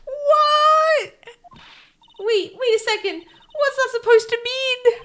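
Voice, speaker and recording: A woman voicing an excitable young girl sidekick in a high, squeaky voice, sounding eager and surprised. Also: slow pace, full character voice. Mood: alarmed.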